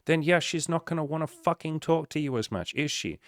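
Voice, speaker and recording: A man's voice: on the high side, expressive, a little fast, dry recording, studio quality. A man, talking casually as a dating coach, blunt and swearing often as he acts out little dialogues. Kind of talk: casual motivational talk.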